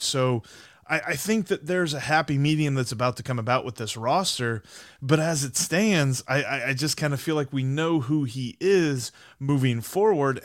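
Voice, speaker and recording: A man's voice: medium pitch, no room sound, studio quality. A man co-hosting a sports podcast, talking casually and analytically, with frequent stammering restarts. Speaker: podcast co-host.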